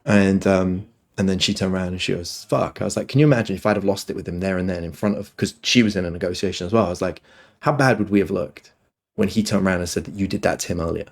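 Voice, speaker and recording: Speaking fast in a deep voice, a man who works as a dating coach spins meandering stories about his life as a podcast guest. He cusses frequently and keeps quoting his own words in this relaxed conversational storytelling.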